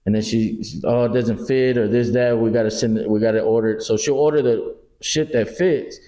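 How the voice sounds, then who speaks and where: A middle-aged Texan man co-hosting a podcast, telling animated stories in casual chat, acting out quotes and swearing freely. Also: medium pitch, fairly quick. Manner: animated storyteller, acts out quotes, swears a lot. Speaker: podcast co-host.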